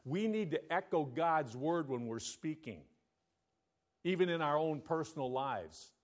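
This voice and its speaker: A man's voice: a little high, lively intonation, measured pace. A male pastor preaching a sermon, telling a story and often asking the congregation for an "Amen?".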